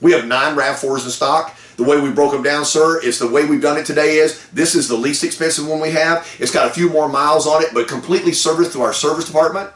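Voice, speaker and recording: A man hosting a car sales meeting, giving an energetic, folksy motivational pep talk. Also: a little high, quick pace, hardly any pauses, reverberant. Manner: energetic, folksy, lively with whoops.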